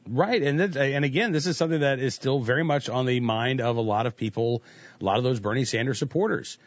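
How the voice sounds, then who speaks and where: A man's voice: mid-range voice, quick pace, dry recording. A man hosting a talk radio show, commenting with sarcasm and mocking the quotes he reads. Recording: dull lo-fi sound, dry.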